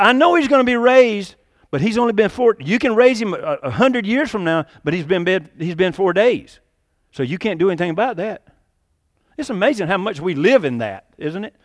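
A man preaching with a high, bright voice that leaps up for quoted lines and sinks low for quiet points. The delivery is animated and conversational, with a dry, close sound and no room echo. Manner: animated preaching, acting out quotes with sudden rises and drops. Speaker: pastor. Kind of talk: sermon.

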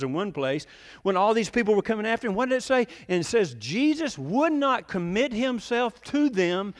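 Animated before his congregation, a preacher leaps higher in pitch each time he imitates someone he's quoting. Long reverb from a big hall surrounds his sermon.

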